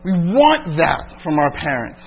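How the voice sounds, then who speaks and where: A man's voice: on the high side, big pitch swings, measured pace, slightly rough. A man preaching a sermon, teaching through a Bible passage verse by verse and building intensity at key points. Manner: expository preaching, rising intensity at climaxes. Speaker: pastor. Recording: tinny phone-like sound with mains hum.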